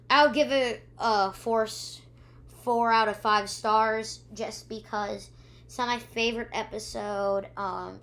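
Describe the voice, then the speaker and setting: A young woman recapping a show's episodes in a rambling, casual way, with many ums, acting out characters' lines and humming sound effects. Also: medium pitch. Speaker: YouTube reviewer. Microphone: own camera.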